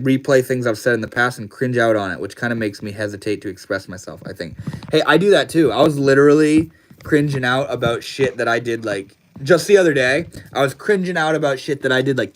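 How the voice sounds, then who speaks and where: A man's voice: medium pitch, a little hiss or hum. A young man hosting a casual livestream, talking loosely with lots of slang and swearing and laughing often. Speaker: livestream host.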